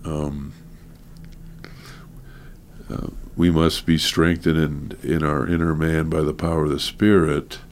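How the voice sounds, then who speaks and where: Very deep, slow, gravelly-voiced man. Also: little pitch movement, a little hiss or hum. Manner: slow, earnest, halting with many fillers. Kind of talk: casual conversation.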